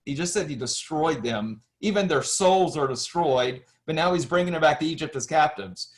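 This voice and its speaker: A man's voice: fairly high pitch, lively intonation, normal speed. A man giving a history lecture, walking through slides and asking and answering his own questions, with frequent restarts.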